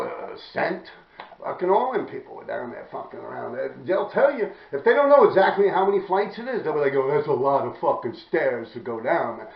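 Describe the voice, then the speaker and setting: A man's voice: on the high side, gravelly, roomy sound, far from the mic, lo-fi sound. A middle-aged man with a New York accent telling a story casually, swearing a lot, acting out other people's lines and laughing often. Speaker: storyteller recounting his graffiti days.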